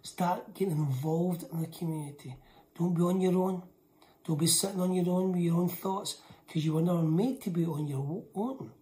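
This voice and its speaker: A woman preaching in a low, mellow voice. She delivers an emphatic sermon, repeating lines for weight and sinking to hushed whispers between firmer passages. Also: normal speed.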